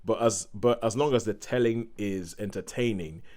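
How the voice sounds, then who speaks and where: A man's voice: fairly low pitch, normal speed, a little mellow. A man hosting a podcast in casual chat, steering the talk and spinning out long explanations. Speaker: podcast host.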